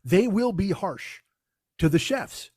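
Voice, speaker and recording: A man in his forties with a fairly high voice rants through a comic story, swearing freely and sounding fed up. The sound is dry and close, with no room around it. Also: lively intonation, slow pace, darkish tone, dry recording. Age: 40s. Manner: profane, exasperated storytelling. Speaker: comedian podcast host. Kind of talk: casual comedic rant.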